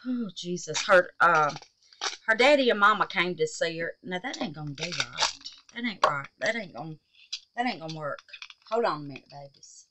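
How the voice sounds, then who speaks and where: Putting together a resin clock at home, this craft vlogger chats in a folksy, animated way at normal speed, her voice lowish against background noise. Tired and huffing, she exclaims frequently and laughs a lot.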